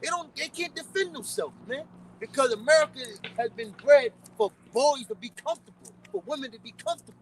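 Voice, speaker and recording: Man, street preacher, high voice, blunt and profane, sounds set back from the mic, faint city noise. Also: lively intonation, brisk, far from the mic, low-quality recording.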